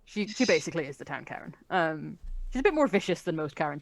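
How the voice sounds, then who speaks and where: A woman narrating a tabletop game as game master, hesitant with many pauses. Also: deep voice, lively intonation.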